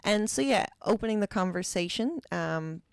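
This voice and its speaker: A woman's voice: mid-range voice, normal speed, gravelly, clear, resonant tone, no room sound, clean studio sound. A middle-aged woman from Alaska and Minnesota, a guest speaker talking reflectively in an interview. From Alaska and Minnesota, USA. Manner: animated, reflective, mimics voices playfully. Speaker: guest, keynote speaker and facilitator. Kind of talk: conversational interview talk.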